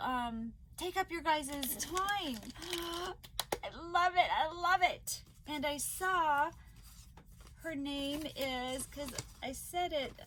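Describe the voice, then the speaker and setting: Woman, middle-aged, high pitch, slow delivery, emotional fatigued vlogger, faint background hiss. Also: sharp tone, poor audio. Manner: emotional, laughs often and tears up. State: fatigued from an illness flare. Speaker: crochet vlogger. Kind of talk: casual vlog chat.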